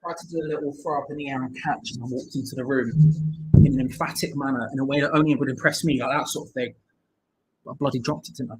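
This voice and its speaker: A man's voice: mid-range voice, fairly even intonation, fast, husky, rough recording. A young man hosting a live football watch-along, chatting, joking and reading out viewer comments. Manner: chatty, jokey, reads viewer comments aloud.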